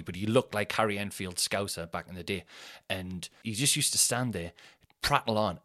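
A man's voice: on the low side, a bit bright. A man, telling rambling, sweary comic stories as a podcast host. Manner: rambling, swears, laughs at his own stories. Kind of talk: casual comic storytelling.

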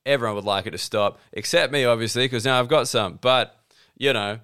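An Australian man in his thirties delivers a loose, sardonic comedy monologue. He acts out both sides of the exchanges he describes, with a very smooth, resonant voice at a middle pitch. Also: fairly quick, sharp tone. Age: 30s. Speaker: comedian and podcast host.

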